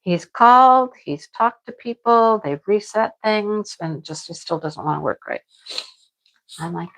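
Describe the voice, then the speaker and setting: A woman's voice: mid-range voice, expressive, measured pace, fairly bright tone, poor audio. Middle-aged lady rambling on about her crochet stuff, super chatty, says things twice. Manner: chatty, rambling, repeats herself. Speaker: crochet vlogger. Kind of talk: casual chat to viewers.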